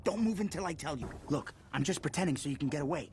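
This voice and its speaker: A man voicing a cocky, nervous male fish who talks fast and jokes in animated film dialogue. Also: fairly high pitch, slight background noise. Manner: nervous, quick and jokey.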